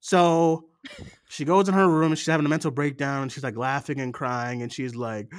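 A man co-hosting a film podcast in casual chat, animated and swearing, acting out movie lines between bursts of laughter. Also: medium pitch, moderate pace, no echo, studio quality. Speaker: podcast co-host.

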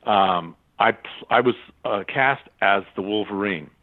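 An older man from California, a voice actor, telling lively anecdotes and acting out other people's voices as he goes. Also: lowish voice, unhurried. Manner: animated, acts out other people's voices in his stories. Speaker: voice actor guest. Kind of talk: anecdotal storytelling. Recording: tinny phone-line sound.

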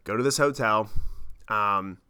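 A man's voice: fairly low pitch, a little slow, sharp tone, smooth. A man hosting his podcast, telling a travel story in a casual, profane, self-mocking way. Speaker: podcast host.

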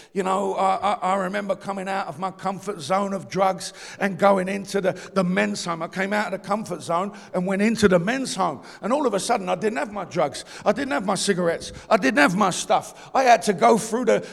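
High-voiced gravelly London preacher. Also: male voice. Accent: London English. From East London, England. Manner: impassioned, swings from shouting to low confiding talk; down-to-earth street slang. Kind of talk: sermon. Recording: long reverb of a large hall.

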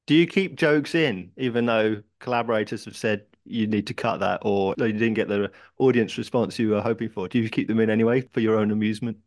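A woman's voice: very deep voice, steady tone, fairly quick, hardly any pauses, a little mellow. A woman hosting a podcast, asking brief questions and laughing along with her guest. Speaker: podcast host. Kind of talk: casual podcast interview.

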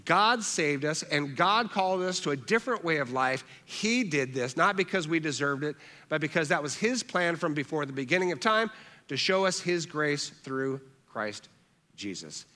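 Earnest preacher in a reverberant hall. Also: male voice, on the high side, animated, moderate pace. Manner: earnest preaching, repeats phrases for emphasis, drops soft on key words. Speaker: pastor. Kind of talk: sermon.

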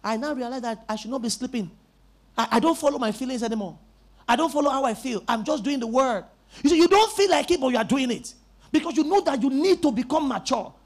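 Husky high-voiced man preaching emphatically. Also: lively intonation, quick pace. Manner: emphatic preaching with repeated words and rising shouts. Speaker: pastor. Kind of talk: sermon.

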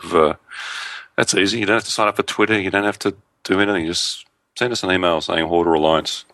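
A man with a very low voice and a bright, forceful edge co-hosts a casual podcast. He makes short dry remarks and reads listener emails aloud. The sound is dry and close. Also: steady tone, fast, dry recording. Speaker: podcast co-host. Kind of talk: casual chat.

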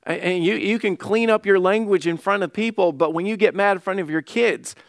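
A middle-aged man delivers a sermon from the pulpit in a slightly high voice. He is earnest and restarts often, repeating words as he goes. The sound is dry and close. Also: brisk, creaky, no echo. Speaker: pastor.

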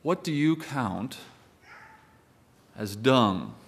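A man's voice: medium pitch, expressive, extremely slow, creaky, husky. A male pastor preaching a sermon in a conversational way, with wry asides to the congregation.

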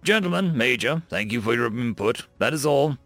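Stern male Marine commander, read by a man, formal measured orders, gravelly edge, dry close sound. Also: mid-range voice, animated, fairly bright tone, no echo, soft background music.

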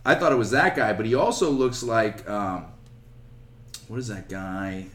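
A man co-hosting a casual chat in an animated, joking way. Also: fairly low pitch, a little slow. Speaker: podcast co-host.

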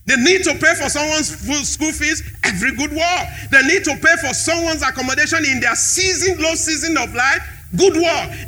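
A man's voice: extremely high pitch, sharp tone. A man preaching a sermon in a church hall, repeating key phrases with emphasis.

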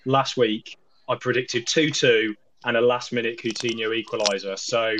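A man's voice: medium pitch, fairly even intonation, moderate pace, crowd noise. A man on a podcast panel, jokey and needling, talking over a phone line. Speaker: regular panel guest. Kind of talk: casual chat. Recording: dull lo-fi phone audio.

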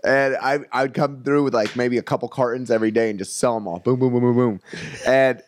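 This young man, a stand-up comedian, speaks at medium pitch in a steady, slightly quick tone over a faint hiss or hum. He rambles through a long story in casual conversation, leaning heavily on "like" and "you know."

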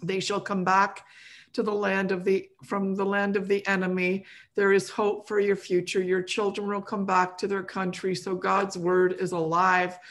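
A woman's voice: mid-range voice, monotone, moderate pace, a bit bright. Middle-aged woman host, friendly, reads out questions, easygoing chat. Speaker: podcast host. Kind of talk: casual podcast conversation.

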